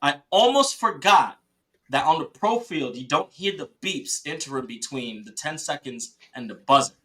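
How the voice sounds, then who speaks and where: A man tells a long story on a podcast in a casual, excited way. His voice is bright and sits a little high, and he often stops and restarts his sentences. He breaks into laughs and quick impressions of his teammates as he goes. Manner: quotes teammates in lively voices. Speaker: podcast guest, paintball player.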